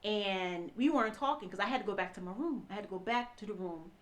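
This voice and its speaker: A woman telling a personal story in a lively way, acting out what people said and often restarting her sentences. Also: mid-range voice, fast talker. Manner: animated, acts out quoted dialogue, restarts often.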